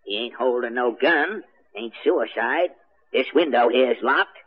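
A man playing a brash, wisecracking police inspector with a croaky voice and tough-guy slang, in 1940s radio comedy style, on a muffled old broadcast recording. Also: mid-range voice, expressive, measured pace.

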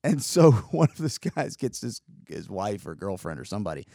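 A man hosting a show, telling a story in a sarcastic, animated way with quick asides. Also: fairly low pitch, gravelly, no echo, studio quality. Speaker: podcast host. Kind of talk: casual storytelling monologue.

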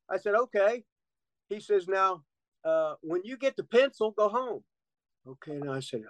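A man's voice: high voice, animated, normal speed, fairly bright tone, no room sound, poor audio. Profane, rambling man telling stories. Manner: profane, rambling, laughing storyteller. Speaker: interview guest. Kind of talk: storytelling in a casual interview.

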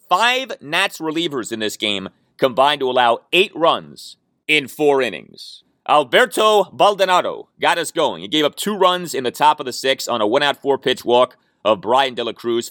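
Male sports podcast host, lively pitch swings, dry booth sound, opinionated stat talk. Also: no echo. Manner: opinionated, stat-heavy, emphatic. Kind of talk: solo sports commentary podcast.

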